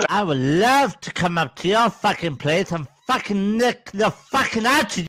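Very high-voiced man ranting on stream. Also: animated, normal speed, few pauses, poor audio. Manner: shouting insults, furious and profane. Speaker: live streamer. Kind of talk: angry live-stream ranting. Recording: music playing behind the voice.

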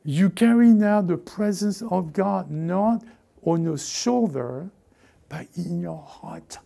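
A man preaching a lively sermon as pastor, often repeating himself and acting out what people say. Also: high voice, takes it slowly, vocal fry. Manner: animated, repeats words, acts out characters. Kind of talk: lively sermon with acted-out voices.

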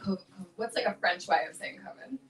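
A woman singer-songwriter banters with her crowd between songs in a small venue, quick to joke at her own expense and laugh. Her voice is captured from some distance, with the room's echo around it. A guitar sounds faintly behind her. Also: on the low side. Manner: chatty, joking, self-mocking, laughs often. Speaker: singer-songwriter performing live. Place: small live music venue. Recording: echoey room recording from afar.

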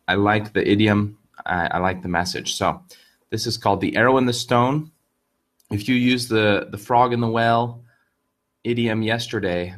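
A man telling a fable to camera in a casual, lively lesson, often repeating words and restarting his sentences. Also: lowish voice. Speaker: online Chinese idiom teacher.

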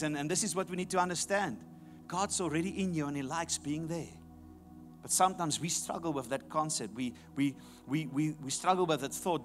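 A man preaching a sermon emphatically, repeating his key phrases. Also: fairly high pitch. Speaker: pastor.

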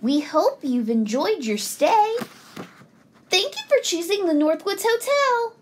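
A woman voicing a group of fussy little male hotel mice who talk quickly and chirpily in a storybook reading. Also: very high-pitched, very animated, pitched above the performer's own voice, heavily acted. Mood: prim.

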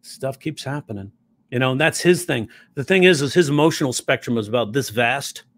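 A man's voice: medium pitch, a little fast. A middle-aged man, a comedy writing teacher, talking in an interview and telling stories with acted-out quotes. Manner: animated storyteller who acts out quoted voices. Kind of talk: conversational interview.

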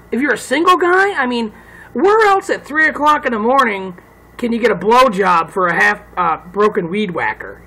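Male comic, gravelly and husky, swears constantly, rambling phone rant. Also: very high voice, sharp tone, low-quality recording. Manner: rambling, heavy swearing, laughs at own jokes. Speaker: comedian ranting. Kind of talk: casual profane rant. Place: home.

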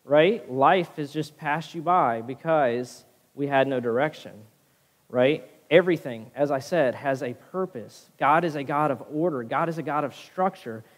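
A man's voice: a little high, in a large hall. A man preaching a sermon as pastor, often checking in with his listeners with a "right?". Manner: preaching with frequent "right?" tag questions. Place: church sanctuary.

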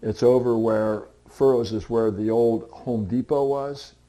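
Unhurried and steady in tone, a middle-aged pastor delivers his sermon through conversational stories, acting out the people in them. Every so often he swings up into loud, high, pleading outbursts for emphasis.

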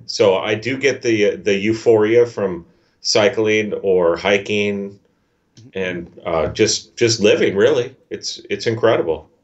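A man's voice: on the low side, takes it slowly, muffled recording. A man who is a guest in a casual conversation, speaking hesitantly with many restarts.

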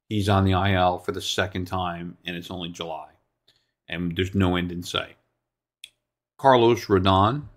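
A man's voice: low voice, a bit bright. A man hosting a solo sports talk podcast, blunt and exasperated, with sarcastic asides and free swearing.

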